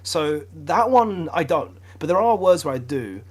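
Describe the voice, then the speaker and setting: A young British man with a slightly husky, somewhat high voice co-hosts a casual podcast. He jokes around with friends, laughing and feigning outrage in playful banter. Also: big pitch swings, unhurried. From Britain. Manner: laughing, mock-outraged joking. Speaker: podcast co-host.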